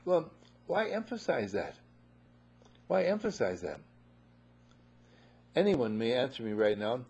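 A man preaching a sermon to a live audience, animated, acting out voices and often saying "you see", heard on a muffled lo-fi recording. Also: medium pitch, a little slow, vocal fry, husky.

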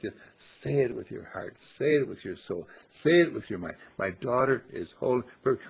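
Man, spiritual teacher, husky raspy voice, repeats lines like a chant, muffled lo-fi recording. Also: medium pitch, animated. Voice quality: gravelly and husky. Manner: slow, emphatic, repeats phrases like a chant. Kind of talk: teaching talk to a small group. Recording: dull lo-fi recording.

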